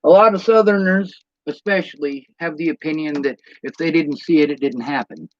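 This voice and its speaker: A man's voice: on the high side, moderate pace, dull audio. A man delivering a blunt, profane rant as a monologue to camera, throwing out rhetorical questions. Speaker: vlogger.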